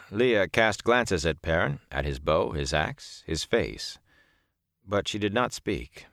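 Deep-voiced male audiobook narrator. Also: fairly bright tone, dry recording, clean studio sound. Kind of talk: scripted fantasy narration.

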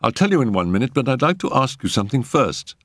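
A man's voice: medium pitch, big pitch swings, fast, no room sound, clean studio sound, pitched above the performer's own voice. A man voicing an agitated, earnest young man who fears he is losing his mind, in a storybook reading. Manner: tense, pleading, insistent. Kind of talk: audiobook character reading.

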